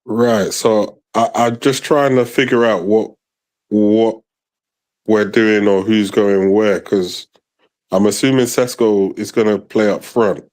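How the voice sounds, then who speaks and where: A man co-hosting a fan stream, chatting about the match in a measured, hesitant way with many pauses and restarts. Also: on the low side, steady tone, a little mellow. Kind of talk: casual match chat.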